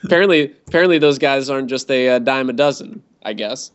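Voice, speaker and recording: A man's voice: mid-range voice, fast. Man, podcast co-host, dry sarcastic humor, casual sports chat, slightly muffled lo-fi sound. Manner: dry, sarcastic, laughs often. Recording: dull lo-fi sound.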